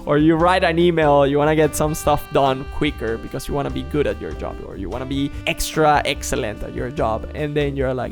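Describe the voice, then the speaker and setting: A man's voice: fairly high pitch, a little fast, hardly any pauses, over music. A man in his thirties talking casually and jokingly to camera, full of "like" and laughter. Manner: animated, joking, peppered with "like". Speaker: vlogger. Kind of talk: casual vlog monologue.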